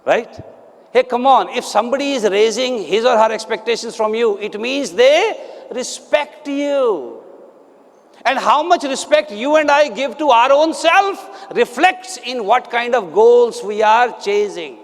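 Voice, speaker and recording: A man's voice: extremely high pitch, animated, a little slow. A man giving a live motivational seminar, energetically rallying the audience with questions and calls. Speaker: motivational speaker. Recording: long hall reverb.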